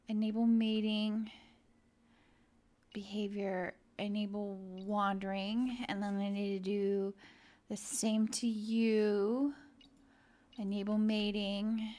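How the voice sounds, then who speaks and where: A young woman casually commentating her own gameplay, chatty and gushing over the creatures she tames. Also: medium pitch. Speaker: gaming video host. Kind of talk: casual let's-play commentary.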